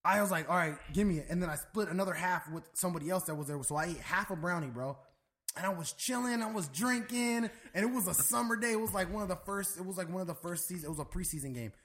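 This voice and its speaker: A man's voice: high-pitched, animated, quick pace, a bit bright. A young adult man telling a long story in a loose, profane, casual chat, dropping "bro" and "dude" constantly.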